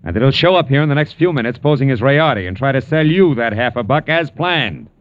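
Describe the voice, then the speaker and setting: An actor playing Philip Marlowe, wry private eye. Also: male voice, mid-range voice, lively intonation, fairly quick, lightly acted. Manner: wry, clipped, sardonic. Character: hard-boiled male private detective, wry and tough. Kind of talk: 1940s radio acting. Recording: dull old radio broadcast with music.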